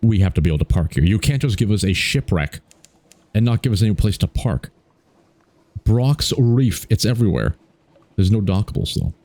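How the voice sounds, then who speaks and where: Guy doing chill let's play commentary, lowish voice, goofs around reacting to stuff. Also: expressive, moderate pace, long pauses, dark tone, no room sound. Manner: chatty and playful, reacting aloud to the game. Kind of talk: casual gameplay commentary.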